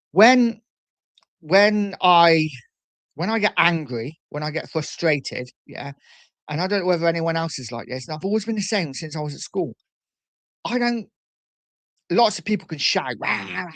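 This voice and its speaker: Male streamer, slightly high voice, laid-back rambling delivery, dry close mic. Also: no echo. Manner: relaxed and chatty, lots of fillers and repeats. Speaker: livestream host. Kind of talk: casual live-stream chat reading comments.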